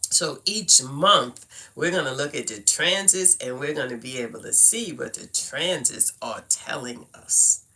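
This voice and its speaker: A woman's voice: very deep voice, expressive, a little slow, bright, forceful tone. A middle-aged woman from Brooklyn with a Brooklyn accent, chatting casually with viewers on a livestream, laughing often and making playful asides. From Brooklyn, New York. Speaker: livestream host teaching cardology.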